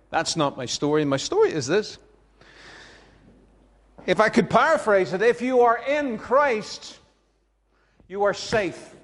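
A man's voice: sits high, long reverb tail. A man preaching a sermon, conversational and emphatic, chuckling between his points.

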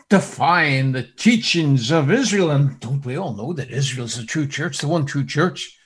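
A man preaching a sermon, swinging dramatically between loud outbursts and hushed asides. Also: a little high, husky.

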